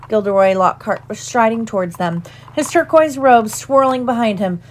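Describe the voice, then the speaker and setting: A woman's voice: fairly high pitch, normal speed. Woman reading a storybook aloud. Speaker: audiobook reader. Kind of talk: storybook narration.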